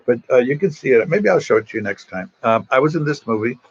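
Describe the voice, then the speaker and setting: Husky older priest telling rambling stories. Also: male voice, mid-range voice, animated, fast talker, dull audio. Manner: rambling, warm anecdotes with frequent restarts. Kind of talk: casual storytelling to an online audience.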